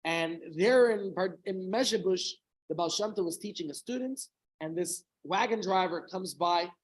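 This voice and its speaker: A man's voice: sits high, normal speed, poor audio. Rambling storytelling man. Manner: rambling storytelling with chatty asides and questions to listeners. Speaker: rabbi. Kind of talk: informal Torah talk to a small group.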